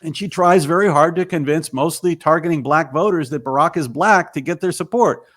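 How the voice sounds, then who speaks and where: A man's voice: fairly high pitch, fairly quick, fairly bright tone. A man, a filmmaker and author, telling his story emphatically as an interview guest.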